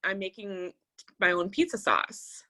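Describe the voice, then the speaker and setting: A woman's voice: mid-range voice, a little slow, bright, forceful tone, a little hiss or hum. A woman co-hosting a podcast in casual chat, chatty and laughing often. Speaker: podcast co-host.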